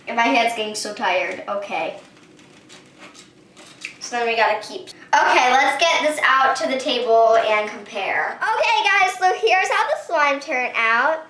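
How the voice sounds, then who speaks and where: Woman host, excitable slime vlog, high lively voice, bright, echoey small room. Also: a little hiss or hum. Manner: excitable, squeals and shrieks often. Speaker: slime-making vlogger. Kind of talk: excited hands-on vlog narration. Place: home bathroom and table.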